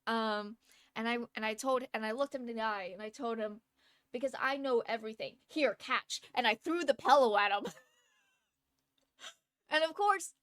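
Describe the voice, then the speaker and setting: A woman's voice: fairly high pitch, moderate pace, pauses often, a bit bright, smooth, no room sound, studio quality. A woman live streamer telling a story in a chatty, casual way, laughing often between phrases. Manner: chatty, lots of fillers and restarts.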